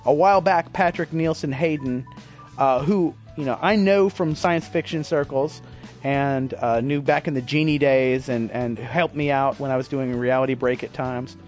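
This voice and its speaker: A man's voice: medium pitch, steady tone, normal speed, darkish tone, faint music behind. A man hosting his podcast in a rambling, self-deprecating casual monologue, swearing freely. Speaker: podcast host.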